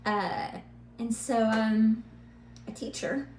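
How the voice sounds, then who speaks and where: A middle-aged woman co-hosting a podcast, telling a family story in a lively, animated way and laughing now and then. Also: a little high, takes it slowly. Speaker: podcast co-host, mother. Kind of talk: casual storytelling chat. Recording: roomy echo, faint hum.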